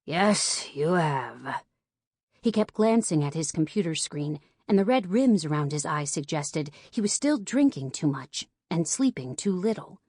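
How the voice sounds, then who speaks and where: Low-voiced woman narrating an audiobook. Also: lively intonation, moderate pace, hardly any pauses, mellow, breathy edge, no echo, clean studio sound. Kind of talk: scripted narration.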